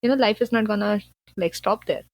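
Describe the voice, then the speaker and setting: A woman's voice: mid-range voice, a little fast. A woman from Punjab, India, speaking as a podcast guest in an earnest, chatty way, full of "like" and "you know". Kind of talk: casual conversational interview.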